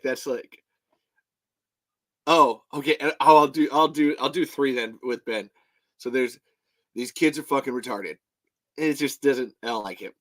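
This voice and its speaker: An American man hosts a podcast of casual chat, rambling with restarts and swearing and laughing often. His voice is medium-pitched with a fairly bright tone.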